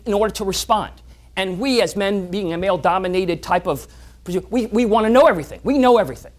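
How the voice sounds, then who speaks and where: A man giving a motivational talk to a club audience, acting out voices in his stories. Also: sits high. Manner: animated, acts out quoted voices and stories. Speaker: motivational speaker. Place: club meeting room.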